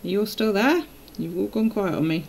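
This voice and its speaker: A woman's voice: medium pitch, fairly quick, vocal fry, darkish tone, a little hiss or hum, poor audio. A woman chatting casually on a live stream while journaling, telling stories and laughing often.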